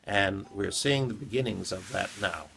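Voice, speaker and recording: Low gravelly rabbi giving a morning talk. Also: male voice, a bit bright, a little hiss or hum. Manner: measured storytelling, retelling a teaching with quoted dialogue. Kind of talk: short morning talk after prayers.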